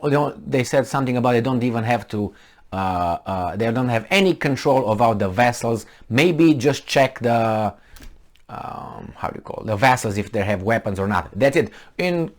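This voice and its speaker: Man with a delivery commenting on news. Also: medium pitch. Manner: halting, many fillers and restarts, grows heated and sarcastic. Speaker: commentator reading news aloud. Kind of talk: casual spoken commentary on news articles.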